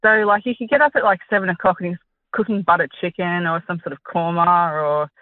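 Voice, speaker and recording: A woman's voice: on the low side, fast talker, no echo. An Australian woman in her thirties calling in, chatty and rambling with frequent giggles. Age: 30s. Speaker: caller. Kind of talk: casual phone-in chat. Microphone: phone call. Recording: tinny phone line.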